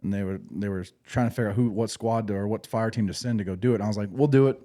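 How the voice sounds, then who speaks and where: A former infantry Marine hosting a podcast, telling stories in a casual, rambling way with restarts and profanity. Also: male voice, on the low side, fairly even intonation, very fast, mellow. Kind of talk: casual storytelling.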